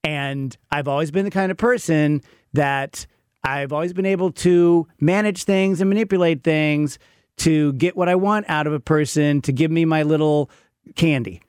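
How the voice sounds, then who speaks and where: A man's voice: fairly high pitch, normal speed, a little mellow, clear, resonant tone, dry recording, clean studio sound. A man in his fifties, chatting candidly as a podcast co-host and poking fun at himself while telling stories. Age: 50s. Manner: candid, self-mocking storyteller. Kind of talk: casual chat.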